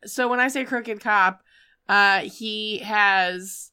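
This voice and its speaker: Bright, clear-voiced woman telling a story animatedly. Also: mid-range voice, slow. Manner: animated storytelling, acts out scenes with shouts. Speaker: podcast host recapping films. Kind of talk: casual chat.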